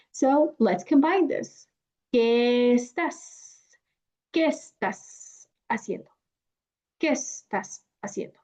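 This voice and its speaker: Young woman, Mexican accent, teacher; clear, deliberate delivery, slightly high voice, muffled recording. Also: darkish tone. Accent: Mexican Spanish. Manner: clear, deliberate, stretches out example phrases. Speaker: Spanish teacher. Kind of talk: explanatory lesson. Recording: dull lo-fi sound.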